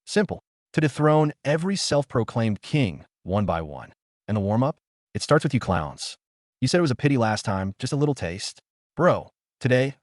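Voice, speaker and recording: A man's voice: on the low side, no echo, studio quality. A man narrating a webcomic recap in a punchy, hype-driven style.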